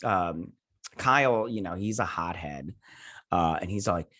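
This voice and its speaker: A young man hosting a review channel, retelling a TV episode in an excited, rambling way full of "he's like". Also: deep voice, a little slow, no echo, clean studio sound. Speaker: host and TV reviewer. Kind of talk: casual episode recap.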